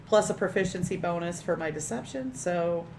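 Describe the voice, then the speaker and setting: A woman's voice: fairly low pitch, moderate pace. A woman playing a tabletop game, chatting in a playful, giggly way. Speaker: player. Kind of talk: casual tabletop game chat. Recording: roomy mic with clear background noise.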